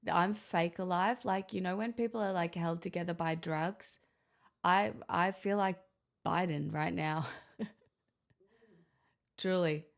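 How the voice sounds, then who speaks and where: Sick lady streamer just chatting, slow and draggy, kinda rambly. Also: lowish voice, steady tone, gravelly. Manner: rambling, chatty, self-deprecating. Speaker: live streamer. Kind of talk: casual live-stream chat.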